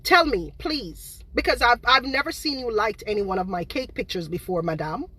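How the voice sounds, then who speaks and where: A Jamaican woman with a higher-than-usual, bright, forceful voice rants indignantly to her viewers. She repeats her points and fires rhetorical questions, talking as a baker defending her business. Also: lively intonation, normal speed, husky, no room sound. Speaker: baker running her own cake business. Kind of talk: ranting livestream monologue.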